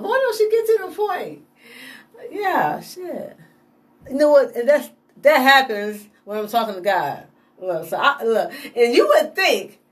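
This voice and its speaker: A woman rambles through a loose spoken monologue, often breaking into laughter and dropping casual profanity. Her voice sits at an ordinary pitch for a woman and is picked up from some distance away from the mic. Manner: digressive, laughing, profane, animated.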